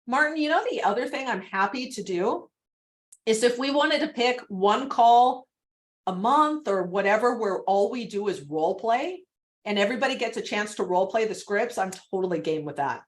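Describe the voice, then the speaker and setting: Chatty, animated woman coach. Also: fairly high pitch. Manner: chatty and animated, laughs often. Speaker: real estate prospecting coach. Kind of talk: coaching call.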